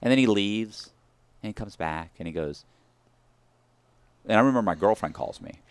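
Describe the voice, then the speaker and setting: A man telling a story as a podcast guest, animated and profane, acting out the people he quotes. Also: fairly low pitch, normal speed, clean tone, no room sound.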